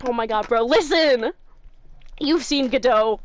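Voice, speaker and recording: A young woman streamer, excitable and quick to swear, chatting while she plays through a courtroom game. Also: a little high, poor audio. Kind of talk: reading a game aloud with commentary.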